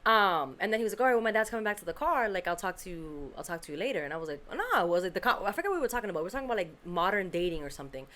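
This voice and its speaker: A woman hosting a podcast, telling a story in casual chat, animated and acting out the quotes, with casual swearing. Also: on the low side, very fast, hardly any pauses. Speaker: podcast host.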